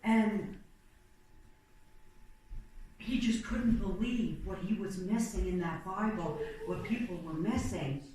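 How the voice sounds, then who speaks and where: A woman's voice: mid-range voice, takes it slowly, pauses often, darkish tone. Woman preaching in an echoey church. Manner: conversational, storytelling with plain acted-out quotes and fillers. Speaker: church speaker. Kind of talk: informal sermon retelling church history. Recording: very echoey room, mic far off, faint noise.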